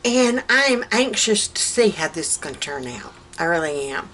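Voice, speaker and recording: A woman's voice: lowish voice, big pitch swings, normal speed, fairly bright tone, slight background noise, rough recording. A middle-aged woman with a Southern American accent, chatting folksy and cheerfully through a home cooking vlog in her kitchen, laughing often. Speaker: vlogger. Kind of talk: casual cooking vlog chat.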